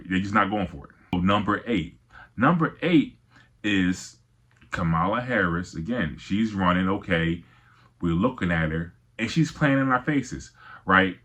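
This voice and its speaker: A man's voice: lowish voice, a bit bright, husky. A middle-aged man, giving casual, emphatic political commentary with frequent restarts.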